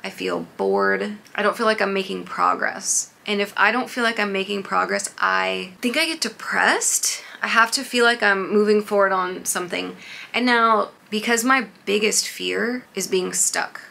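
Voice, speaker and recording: A woman's voice: medium pitch, expressive, moderate pace, creaky, sharp tone. A young adult woman in a casual talk-to-camera vlog, candid and rambling, swearing freely. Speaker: vlogger.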